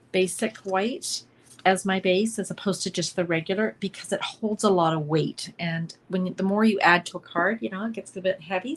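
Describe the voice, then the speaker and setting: A woman's voice: medium pitch, slight background noise. A woman with a mild head cold, chatting through a live card-making demonstration and greeting viewers by name. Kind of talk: live craft demo chat.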